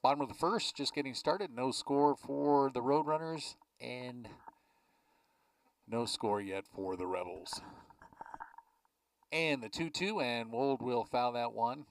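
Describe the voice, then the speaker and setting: A man calling a baseball game play by play from a ballpark press box, chatting easily between pitches. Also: takes it slowly, gravelly, pauses often, distant mic, poor audio. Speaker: play-by-play announcer.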